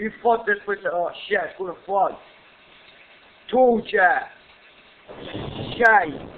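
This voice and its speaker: A young man commentates a horror game, swearing and panicking as he plays. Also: high voice. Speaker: gamer playing a horror game. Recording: tinny lo-fi mic with hiss.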